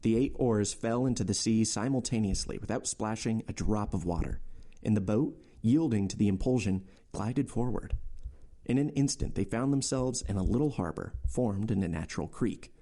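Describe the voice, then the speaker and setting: A man narrating a classic novel for his podcast, measured and steady. His voice is fairly low, with a mellow, soft tone. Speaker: podcast host reading a novel aloud. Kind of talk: audiobook narration.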